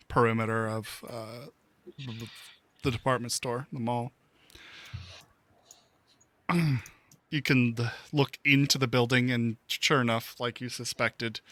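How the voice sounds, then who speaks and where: A man narrates a cyberpunk tabletop game as its game master, in an easygoing, rambling way with many ums and dad jokes. He speaks slowly, and his voice is bright and recorded dry and close. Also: mid-range voice, no echo.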